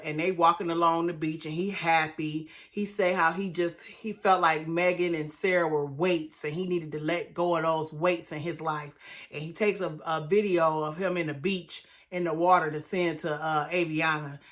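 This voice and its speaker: A woman talks through a reality show episode in a casual, chatty way. Her voice is bright and forward, and she keeps breaking into exclamations. She acts out the quoted lines in a lower voice. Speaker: reality TV recap host. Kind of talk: casual recap commentary.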